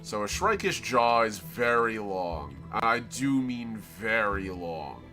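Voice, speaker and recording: A lowish, pushed, bright male voice with big pitch swings takes its time over soft background music. The speaker, a Floridian-accented man from Florida, United States, rambles and cuts himself off while explaining his drawing as he draws on a live stream.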